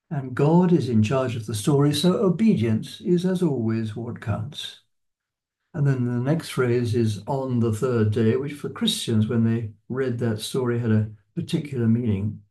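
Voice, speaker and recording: A man giving an unscripted lecture on a Bible passage, in a measured, explanatory way that stresses key words. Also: medium pitch, warm tone. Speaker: lecturer on scripture.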